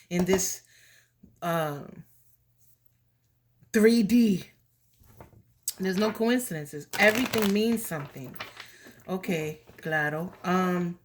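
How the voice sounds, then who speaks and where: A woman doing a casual, emotional tarot reading for her viewers, chatty and slipping in Spanish words. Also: mid-range voice. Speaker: tarot reader.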